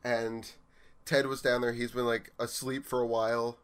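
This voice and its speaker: A man's voice: medium pitch, level tone, moderate pace, fairly bright tone, clean tone. A young man in a casual chat, easygoing and wry, often laughing. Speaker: podcast co-host.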